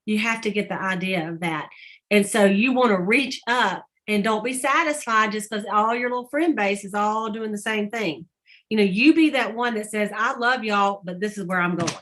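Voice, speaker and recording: A woman's voice: medium pitch, moderate pace, a bit bright. A middle-aged woman, chatting casually to her sales team and retelling stories with quoted voices and laughter. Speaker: sales team leader on a group call. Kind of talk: casual storytelling to a team call.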